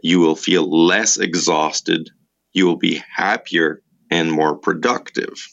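A man's voice: low voice, steady tone, slow pace, gravelly, fairly bright tone, lo-fi sound. A man with an Italian accent, an educator answering interview questions in earnest, step-by-step explanations. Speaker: educator in a vocational program.

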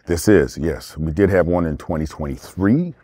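A middle-aged actor from England, speaking as an interview guest in a rambling, animated way with many restarts. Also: male voice, sits low, moderate pace. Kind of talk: casual interview talk.

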